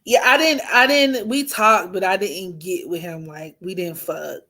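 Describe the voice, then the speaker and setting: A young woman hosting an astrology channel, telling stories in blunt, profane, animated casual chat. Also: fairly low pitch, a little slow.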